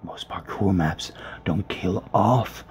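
A man whispering gameplay commentary from a small closet, grumbling and swearing in a hushed voice. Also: low-pitched, slow pace. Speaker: let's player. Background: faint background noise.

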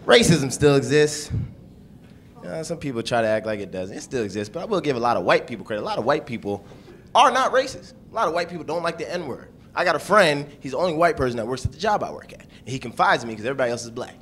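A man performing a stand-up comedy set on a club stage, punchy and animated. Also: mid-range voice, fast, a little hiss or hum. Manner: deadpan then animated, punchy delivery. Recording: live club recording with crowd. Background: audience laughter.

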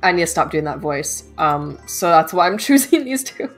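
A woman's voice: fairly low pitch, very animated, normal speed, few pauses. A young woman streamer chats playfully through a dating game, giggling often. Her nose is slightly stuffy, and faint background music plays under her voice. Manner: playful, giggly, reads dialogue aloud. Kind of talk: casual gameplay commentary.

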